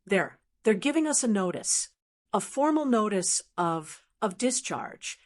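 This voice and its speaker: A woman's voice: mid-range voice, big pitch swings, a little slow. A woman voicing a frantic, desperate middle-aged daughter-in-law who shrieks, stammers and pleads. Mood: panicked.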